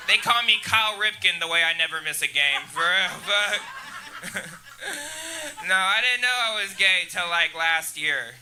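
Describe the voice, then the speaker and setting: High-voiced man doing crude club stand-up. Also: animated, unhurried. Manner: crude, laughs at his own jokes. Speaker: stand-up comedian. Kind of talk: live stand-up set. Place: comedy club stage. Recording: live club with audible crowd noise.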